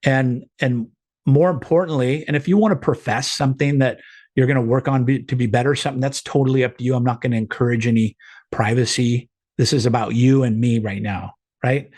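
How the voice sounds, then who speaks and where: A man's voice: medium pitch, steady tone, brisk, darkish tone. A middle-aged man leading a group video call, giving an earnest, encouraging motivational talk with frequent restarts.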